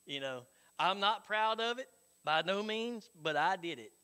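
A middle-aged pastor preaching in a high, ringing voice. He keeps it folksy and conversational, tossing "Hello?" out to the congregation. His tone is bright and forward. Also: expressive, a little slow, clean tone. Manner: folksy, conversational preaching with frequent "Hello?" call-outs and chuckles. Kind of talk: sermon.

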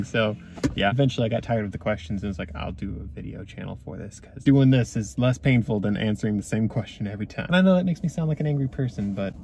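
A man's voice: on the low side, fast talker, gravelly, a little hiss or hum. Young man with dry teasing humor. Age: young adult. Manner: dry, teasing deadpan jokes. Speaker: guest. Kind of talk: casual chat.

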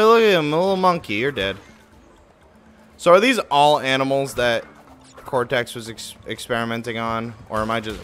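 An excitable man livestreaming a platform game. His voice swings widely in pitch and has a bright, forceful edge. He swears freely and mocks his own mistakes, with faint game music playing behind him. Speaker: game streamer. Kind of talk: live gameplay commentary.

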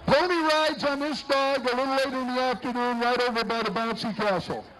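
A man's voice: very high voice, steady tone, brisk, fairly bright tone, rough recording. A man announcing a street parade outdoors, joking and bantering with the people passing by. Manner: jokey, bantering with passing entrants. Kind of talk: live parade commentary.

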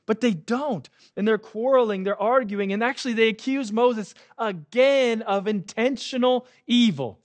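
A man's voice: sits high, a little slow, few pauses. A man preaching a sermon as pastor, conversational and often checking in with "right?".

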